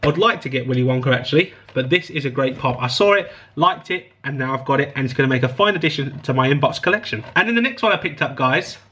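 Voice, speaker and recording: A man's voice: medium pitch, expressive, fast talker, sharp tone, slightly rough. A man hosting his own channel, chatting enthusiastically to viewers as he unboxes a parcel. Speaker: host. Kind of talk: casual unboxing chat.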